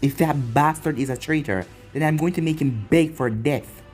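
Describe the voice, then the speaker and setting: A man's voice: on the high side, moderate pace, a little mellow, soft background music, natural voice. A man voicing a hot-tempered female village leader who speaks brusquely and curses. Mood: stern. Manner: brusque, cursing.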